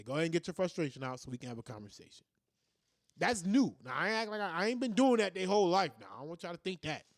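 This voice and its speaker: A man, talking about parenting in a casual monologue. His voice sits high for a man and swings widely in pitch as he acts out what his kids said. The recording is dry and close, with no room sound. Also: no echo. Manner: animated storytelling, acts out his kids' voices. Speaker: podcast host.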